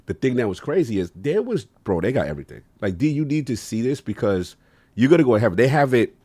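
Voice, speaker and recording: A man's voice: medium pitch, quick pace, slightly rough, no echo. A man hosting a casual gaming podcast, telling stories with lots of laughter. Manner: animated storyteller, laughs often. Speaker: podcast host.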